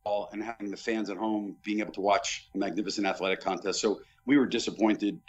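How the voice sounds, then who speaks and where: A man's voice: fairly low pitch, quick pace. Man telling stories on a muffled podcast. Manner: animated raconteur, vivid recollections. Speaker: podcast guest, former boxing pay-per-view executive. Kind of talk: anecdotal storytelling in casual chat.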